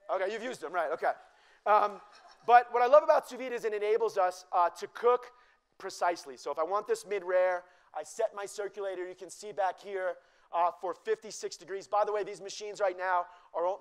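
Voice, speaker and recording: A man giving a live cooking demonstration to an audience, joking and teasing the crowd in a chatty way. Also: sits high.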